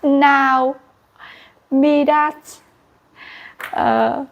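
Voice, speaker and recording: Casting: woman teacher, animated storyteller, high and very slow. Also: highs cut off. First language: Vietnamese. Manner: animated, with sound effects and gasps. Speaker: English teacher. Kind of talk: storytelling lesson.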